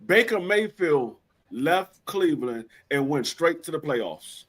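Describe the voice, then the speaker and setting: A man hosting a casual sports talk stream, joking through animated banter. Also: on the high side, slow.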